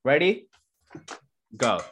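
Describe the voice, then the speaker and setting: A man hosting an interview podcast, moving briskly from question to question and game to game. He keeps his replies short and gets straight to the next prompt. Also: fairly bright tone, a little hiss or hum. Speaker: podcast host. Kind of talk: casual interview.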